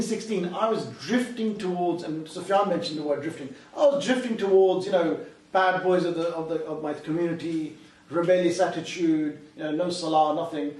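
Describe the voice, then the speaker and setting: Man speaking in a far, echoey hall. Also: high voice. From England. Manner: chatty and storytelling, asides to the audience. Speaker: Islamic youth speaker. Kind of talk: motivational talk to a youth audience.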